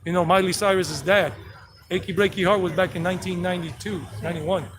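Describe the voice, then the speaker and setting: He's a tour guide vlogger in his fifties from South Carolina, USA, telling brash, rambling stories on an outdoor city-street walking tour in casual chat. The high-pitched voice holds a steady tone and moves fast, and the rough recording has street noise behind it.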